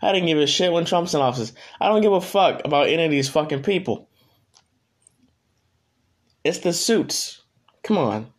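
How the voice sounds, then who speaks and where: A man's voice: a little high, expressive, moderate pace, pauses often. A young man hosting his own podcast, ranting casually in a blunt, profane, rambling way. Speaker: podcast host. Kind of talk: casual solo podcast rant.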